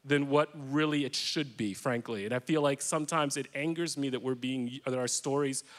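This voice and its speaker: A man's voice: medium pitch, moderate pace. A man who coaches executives, speaking earnestly and emphatically in a panel discussion.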